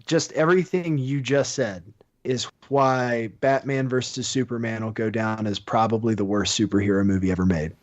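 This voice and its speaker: A man's voice: medium pitch, moderate pace. Blunt man co-hosting, lo-fi sound. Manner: blunt opinions, teasing. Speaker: podcast co-host. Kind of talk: casual roundtable chat. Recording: dull lo-fi podcast audio.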